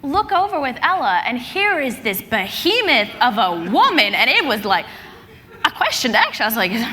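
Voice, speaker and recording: A young woman telling stories on a convention panel, animated, laughing and acting out her reactions. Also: fairly high pitch, normal speed. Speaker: panelist, role-play streamer. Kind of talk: panel storytelling on stage. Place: large convention hall stage. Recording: convention hall with crowd noise.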